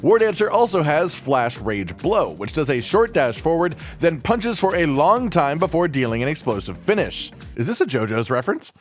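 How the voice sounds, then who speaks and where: Lively man narrating a game guide. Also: fairly high pitch, moderate pace, few pauses, faint music behind. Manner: casual and jokey, with swearing asides.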